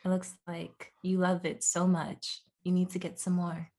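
A woman's voice: fairly low pitch, completely flat delivery, unhurried, darkish tone. A young woman co-hosting a podcast in playful, jokey casual chat, laughing often. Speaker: podcast co-host.

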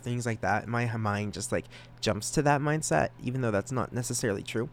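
Rambling, excitable young man. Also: medium pitch, a little fast, a little hiss or hum. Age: young adult. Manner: rambling, excitable, self-conscious, with stammered restarts. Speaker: podcast host. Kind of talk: solo casual podcast chat.

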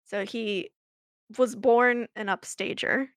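A woman's voice: fairly high pitch, steady tone, slow pace, dry recording, clean studio sound. A woman co-hosting a podcast, telling a story in a chatty, laughing way with many fillers and restarts. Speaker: podcast co-host. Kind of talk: casual chat, storytelling.

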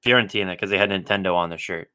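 A man's voice: low-pitched, rapid-fire, sharp tone, no echo. A man co-hosting a podcast in casual chat, making dry joking quips. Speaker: podcast co-host.

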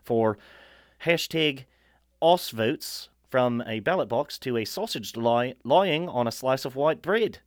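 Man, from the US, podcast co-host, reads notes haltingly, middle pitch, dry sound. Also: animated, dry recording. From United States. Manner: reads facts slowly, stumbles on words, laughs often. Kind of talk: casual chat, reading notes aloud.

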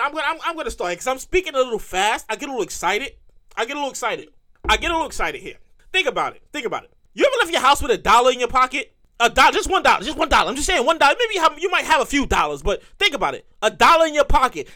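A woman hosting a comedy podcast, ranting in a profane, animated monologue and repeating lines for emphasis. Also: high-pitched, rapid-fire. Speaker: podcast host and comedic writer.

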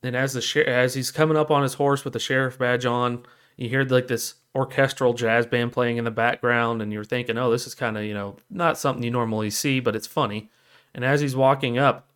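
Animated male podcast co-host telling a story. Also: clean tone. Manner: animated storytelling, jumps into high voices for quoted characters. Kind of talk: casual chat.

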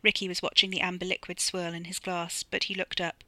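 A woman reads her own novella aloud, brisk and dry in delivery. Her voice sits slightly low but sounds very bright, recorded close in a dead, dry space. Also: level tone, dry recording. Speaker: author reading her novella. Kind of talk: audiobook narration.

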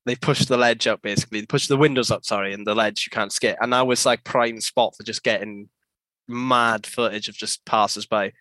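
A man's voice: on the low side, steady tone, brisk, bright, forceful tone, dry recording. A man, a podcast guest telling skate-filming stories in casual chat, laughing often, swearing freely and acting out other people's voices. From South Wales. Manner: laughing, swears a lot, acts out quoted voices.

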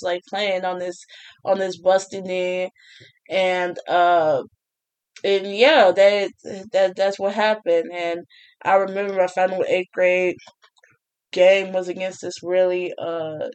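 A woman's voice: fairly low pitch, unhurried. A young woman telling a casual storytime, chatty, with frequent laughs and restarts. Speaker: vlogger.

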